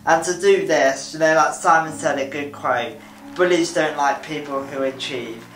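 A man's voice: fairly high pitch, moderate pace, fairly bright tone, slight background noise. A man giving an enthusiastic, casual video review of talent show acts, often repeating his praise. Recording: roomy sound with music behind.

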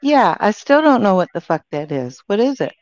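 A woman's voice: medium pitch, big pitch swings, normal speed, a little mellow, no room sound. Blunt mocking woman, dull dry audio. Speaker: scambaiter. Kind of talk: prank call.

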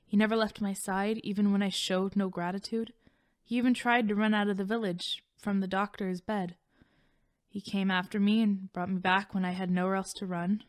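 A woman's voice: medium pitch, level tone, moderate pace, no echo, close to an everyday voice. A woman plays a guilt-ridden young woman warrior in a storybook audiobook, confiding earnestly and uncertainly. Her voice sits mid-range and is recorded dry and close. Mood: troubled. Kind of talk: audiobook voice acting.

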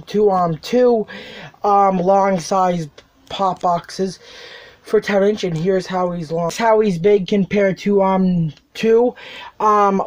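A toy collector rambling through a casual unboxing vlog in a bedroom, joking, swearing and then apologizing, with lots of filler ums and restarts. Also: medium pitch. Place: bedroom at home. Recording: noisy home recording.

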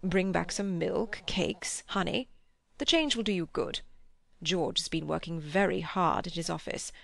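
A woman's voice: fairly low pitch, measured pace, vocal fry, no room sound. A woman reading as a chatty genial clergyman. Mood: amused. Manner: amused, talkative. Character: genial middle-aged male clergyman.

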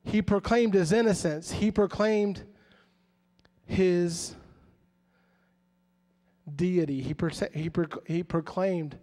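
A male pastor with a high voice delivers a sermon in a church sanctuary. His words ring out with a long hall reverb, and he slips into the voices of the people he quotes, building in intensity as he goes. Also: fairly even intonation, slow, pauses often, mellow. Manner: preaching with rising intensity, acting out quoted voices.

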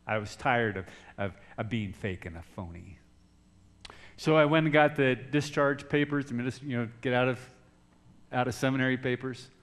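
Speaking at a moderate pace in a mid-range voice, a middle-aged pastor shares a personal story during his sermon. His delivery shifts from quiet, gentle stretches to bursts of shouting.

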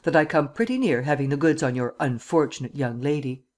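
A man's voice: a little high, expressive, a little fast, lightly acted. A man doing a scornful, irritable prosecutor. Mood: scornful, exasperated. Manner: gruff, scornful, defiant. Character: irritable, sarcastic male district attorney. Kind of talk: audiobook character reading.

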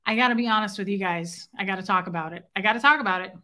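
A woman's voice: mid-range voice, rapid-fire, bright, forceful tone. A young woman hosting a casual livestream, chatting playfully and reading viewer comments aloud, now and then breaking into a snatch of song. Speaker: livestream host.

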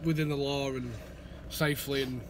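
A man's voice: medium pitch, flat delivery, normal speed, a little hiss or hum. Yorkshire man chatting in a car. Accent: Yorkshire English. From Yorkshire, England. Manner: jokey, laughing often, loud sign-off calls. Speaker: vlog co-host. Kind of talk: casual banter. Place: inside a parked car.

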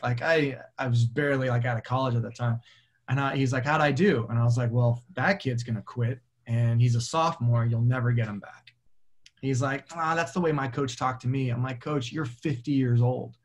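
A man's voice: mid-range voice, normal speed. A man, a guest coach telling stories in a casual interview. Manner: animated storyteller who acts out quoted dialogue. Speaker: podcast guest, mental performance coach. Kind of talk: casual storytelling.

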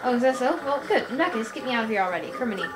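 A cranky old tribal elder, as a woman puts her on, barks orders and grumbles in a fairly high voice. She scolds, forgets things and bosses the young ones around. Game music plays in a roomy space behind her. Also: lively intonation, very fast, natural voice. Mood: scolding.

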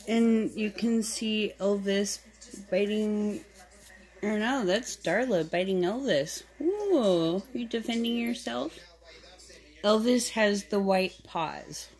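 Slow-talking tired woman. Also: medium pitch. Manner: soft, fond baby talk to kittens. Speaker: vlogger. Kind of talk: casual home video chat.

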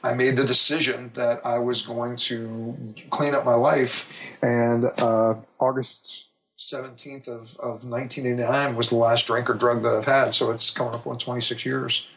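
A man's voice: medium pitch, little pitch movement, moderate pace, gravelly, a bit bright. A middle-aged man, a podcast guest, telling his own story in an earnest, reflective way with frequent restarts. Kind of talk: candid storytelling interview.

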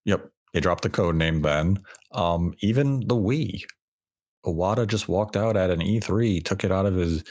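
A man hosts a casual podcast discussion in a low, husky voice. He explains his reasoning at length and lays out his points analytically. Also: moderate pace, a little mellow. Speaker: podcast host.

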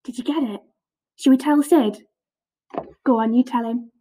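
A woman teaching a phonics lesson to young children on camera, sounding out letters slowly with lots of praise. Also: on the high side, dark tone, poor audio. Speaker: primary school teacher.

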